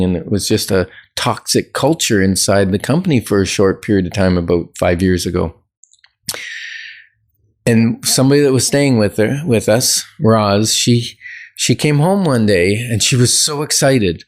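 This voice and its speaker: A man with a fairly low voice co-hosts a relaxed conversation. He tells personal stories in a reflective, unhurried way, often restarting his sentences. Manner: reflective, storytelling, frequent restarts. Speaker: podcast co-host. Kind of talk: casual conversation.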